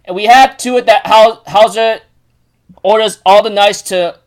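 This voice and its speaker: A man's voice: sits high, fairly even intonation, unhurried. A man casually recapping a manga chapter, rambling with many fillers and restarts.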